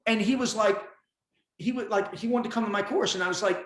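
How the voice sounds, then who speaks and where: A man's voice: high-pitched, a little fast, fairly bright tone, echoey room. A man in his fifties speaking as a podcast guest, blunt and emphatic, giving tough-love talk in casual conversation. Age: 50s.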